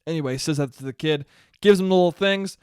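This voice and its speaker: A young man hosts a solo podcast in a casual, rambling monologue. His voice is fairly high and his talk is profane and jokey. The sound is very dry and close. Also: quick pace, a little mellow, clear, resonant tone, no echo. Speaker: podcast host.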